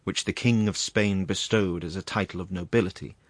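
A man narrating a classic story in a measured, grave reading. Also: deep voice, steady tone, no room sound.

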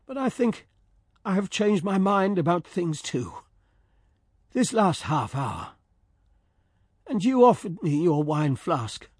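A proud, earnest middle-aged landowner speaks slowly and with weight, read aloud by a man. The voice sits slightly high and husky, recorded dry and close. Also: big pitch swings, darkish tone, no echo, heavily acted. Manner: earnest, measured speech. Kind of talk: dramatic story reading.

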